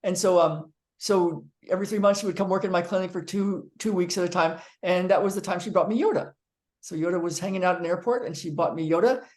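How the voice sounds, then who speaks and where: Male therapist telling a personal story on camera, lively and rambling. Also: sits high, quick pace. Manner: animated storyteller, acting out quotes; frequent ums and restarts. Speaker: physical therapist. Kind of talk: storytelling monologue to viewers.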